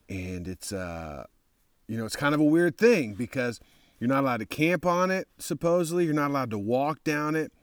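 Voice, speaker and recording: A man from Texas, a motorcycle traveler, telling a rambling, profane travel story in a casual, excitable way. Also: mid-range voice, no room sound, clean studio sound.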